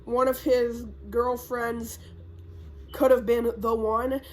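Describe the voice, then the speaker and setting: A young woman talks off the cuff in a slightly high voice, rambling and swearing her way through a recap. She fills her pauses with ums and uhs, like a casual vlogger chatting to camera. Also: flat delivery, slight background noise. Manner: rambling, profane, lots of fillers. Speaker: YouTuber.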